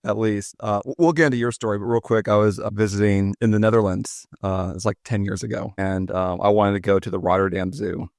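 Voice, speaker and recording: A man's voice: lowish voice, steady tone, fairly quick, hardly any pauses, darkish tone, no room sound, studio quality. A man in his forties hosting a podcast, telling stories in a chatty, jokey, self-deprecating way. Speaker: podcast host. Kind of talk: casual storytelling chat.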